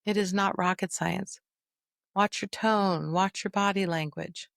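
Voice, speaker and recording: A middle-aged woman talks straight to her listeners on a podcast, coaching them on dementia care in a folksy, lively way. Her voice sits at an ordinary pitch and comes across dry and close, with no room sound. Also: a little slow, gravelly, no room sound. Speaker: dementia caregiver and trainer. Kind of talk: podcast teaching monologue.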